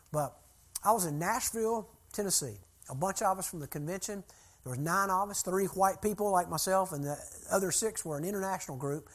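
An older man preaching to a group, telling a long story in a folksy, conversational way. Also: fairly high pitch. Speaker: preacher and church consultant. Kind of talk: sermon-style teaching with storytelling.

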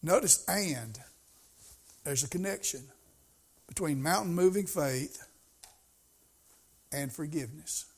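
A man's voice: on the high side, expressive, slow, pauses often, breathy edge. A middle-aged man preaching a sermon as pastor, in a folksy, conversational way that rises to emphasis.

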